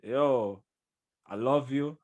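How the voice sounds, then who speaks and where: A man's voice: mid-range voice, extremely slow, a little mellow, lo-fi sound. A young adult man hosting a podcast. He talks in a laid-back, slangy way, with short affirmations in casual conversation. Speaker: podcast host.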